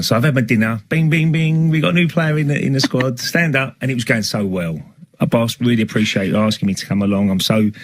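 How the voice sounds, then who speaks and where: A middle-aged man, casually telling anecdotes and laughing between stories. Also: mid-range voice. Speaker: former footballer telling stories.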